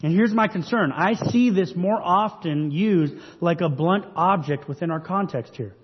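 A man preaches an earnest, measured sermon, his slightly high, husky voice carrying through a church sanctuary. The recording is dull and washed in long hall reverb. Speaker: pastor.

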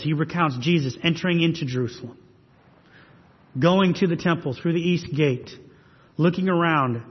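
A pastor delivering a sermon, preaching earnestly and pressing his listeners with rhetorical questions. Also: a little high. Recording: husky voice in long reverb hall, dull sound.

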